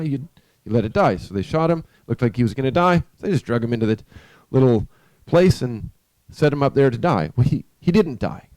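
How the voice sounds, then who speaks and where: A man preaching in a church, telling a story in a conversational, halting way with frequent restarts. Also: mid-range voice, a little mellow, no room sound. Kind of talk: storytelling sermon.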